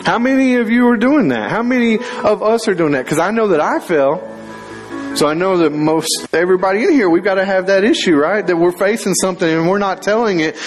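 Guy preaching hard, kinda high voice, faint music under it. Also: animated, brisk. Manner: fervent, rising to loud dramatic scripture reading. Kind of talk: sermon. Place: church sanctuary. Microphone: handheld or stage mic.

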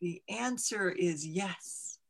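A woman voicing a solemn, unbending talking mountain in a storybook read-aloud, speaking in slow, measured pronouncements. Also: lowish voice, gravelly, a bit bright, full character voice.

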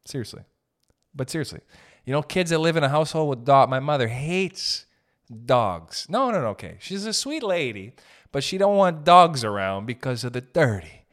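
A young man telling comic stories in a loose, profane rant, riffing with quick asides. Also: medium pitch, very animated, fairly bright tone. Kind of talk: comedic storytelling rant.

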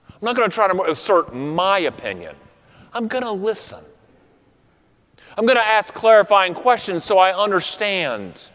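A man preaching a sermon in an earnest tone, often dropping to a soft, quiet close on key words. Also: high-pitched. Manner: earnest, drops to soft quiet endings for emphasis. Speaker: pastor. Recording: reverberant hall.

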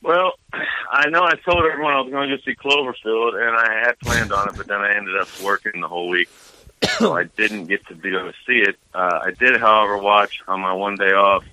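A man's voice: lowish voice, brisk, sharp tone, poor audio. A man chatting on a podcast as its regular movie reviewer, laid-back and casually swearing, laughing often.

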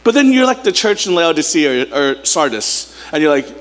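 A man with a high, light voice preaches to his congregation, slipping into playful acted-out voices as he tells stories. His words ring out through a church sanctuary with a long, lingering reverb. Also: a little fast. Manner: animated storytelling, acting out voices, direct appeals to the congregation. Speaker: pastor. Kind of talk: sermon.

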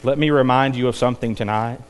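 A man preaching a sermon, climbing to intense peaks and then dropping low and quiet. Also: moderate pace. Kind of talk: evening sermon.

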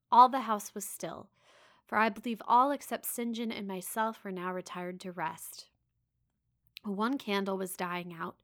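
A woman reading a novel passage aloud with dramatic expression, a podcast co-host who also chats casually. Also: mid-range voice. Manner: dramatic reader, voices quoted cries and drops to hushed asides.

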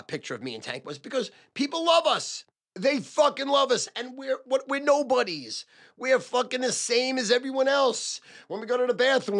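A brash older man talks to camera in a loud, profane rush, hammering the same phrases again and again. His voice is gravelly and bright-edged, and his pitch swings widely as he pushes each point. He sounds like a man who has spent decades selling sports picks. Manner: loud, profane and emphatic, repeating phrases for punch. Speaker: sports gambling advisor and show host. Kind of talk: casual monologue to camera.

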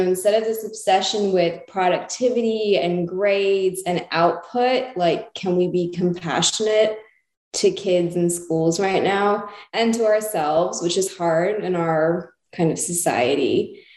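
A woman's voice: on the low side, a little slow, darkish tone. A woman co-hosting a podcast, asking reflective questions with many fillers. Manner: thoughtful, reflective, full of hedging fillers. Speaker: podcast co-host. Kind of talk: casual interview chat. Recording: roomy echo.

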